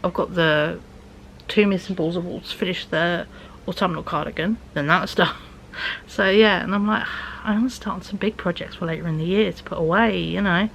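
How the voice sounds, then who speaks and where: A woman's voice: lowish voice, steady tone, normal speed, gravelly, slight background noise, poor audio. A young woman vlogging in a rambling, casual chat, often dropping to a near-whisper.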